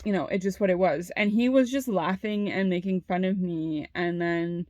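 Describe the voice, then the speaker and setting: A woman's voice: fairly low pitch, normal speed, a little mellow, no echo. A young adult woman telling a personal story in a casual monologue, heated, with lots of "like" and frequent swearing. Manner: heated, fills talk with "like" and swears freely.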